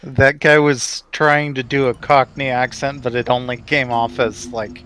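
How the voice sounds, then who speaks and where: A man's voice: medium pitch, flat delivery, measured pace, sharp tone, slight background noise. A man co-hosting a game stream with wry, teasing commentary. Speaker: co-host and commentator. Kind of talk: casual gameplay commentary. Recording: stream mic with faint game music.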